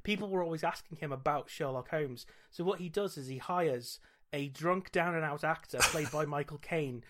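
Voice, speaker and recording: A man's voice: a little high, moderate pace, heavy background noise. A British man hosting a podcast, chatting in a wry, casual way. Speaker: podcast host. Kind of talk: casual chat.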